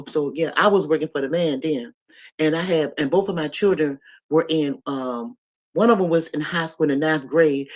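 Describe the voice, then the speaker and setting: A middle-aged woman hosting a podcast, telling a story in an animated, emphatic way and talking straight to her listeners. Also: sits low. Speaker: podcast host. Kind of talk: casual storytelling chat. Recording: dull lo-fi sound.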